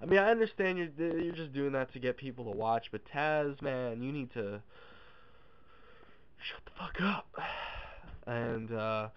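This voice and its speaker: A man's voice: mid-range voice, normal speed, few pauses, smooth. A man with a nasal, stuffy voice from a cold, giving casual, offhand opinions in a vlog with many hesitations. The recording sounds dull and lo-fi. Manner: offhand and dismissive, many uhs. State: has a cold. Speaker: wrestling fan vlogger.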